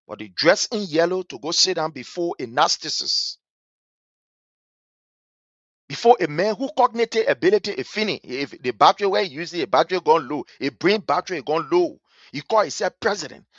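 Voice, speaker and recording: A man's voice: high voice, a bit bright, dry recording, lo-fi sound. A man with a Liberian English accent giving impassioned, scornful political commentary, repeating his points with fire. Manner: fiery, scornful, repetitive.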